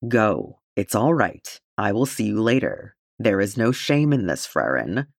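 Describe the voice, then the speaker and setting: A man doing a grave, gentle dwarf king. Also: lowish voice, big pitch swings, measured pace, vocal fry, dry recording, clean studio sound, full character voice.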